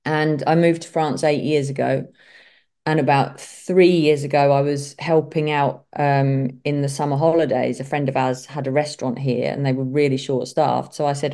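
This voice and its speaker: A middle-aged woman with a Kent accent, a vet chatting as an interview guest and telling lively stories. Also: low-pitched, moderate pace. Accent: Kent English. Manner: chatty storyteller, acts out quoted voices. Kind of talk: casual interview chat.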